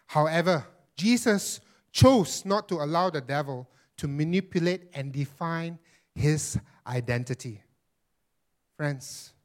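A man pastor preaching a sermon emphatically, repeating phrases and calling his listeners friends. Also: on the high side.

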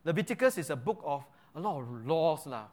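A man's voice: fairly high pitch, very animated, brisk, a little mellow. A man with a Singaporean English accent teaching a Bible lesson, asking the audience questions and using local slang. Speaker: preacher.

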